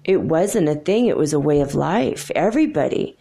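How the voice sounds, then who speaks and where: A woman's voice: low-pitched, animated, normal speed, gravelly, mellow, soft background music. Merlin, a wry old wizard spirit, as a woman relays him. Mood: musing. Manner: joking, plain-spoken.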